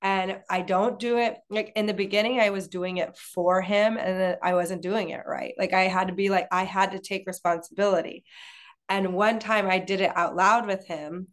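A woman's voice: medium pitch, steady tone, moderate pace. Chatty woman in casual conversation. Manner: chatty, many fillers and restarts. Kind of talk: casual chat.

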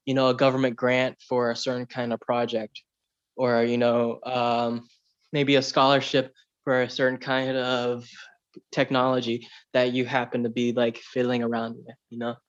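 Casual man, podcast host, rambling storytelling, mid pitch, slightly dull lo-fi recording. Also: completely flat delivery, normal speed. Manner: loose, chatty, lots of "like" and "you know".

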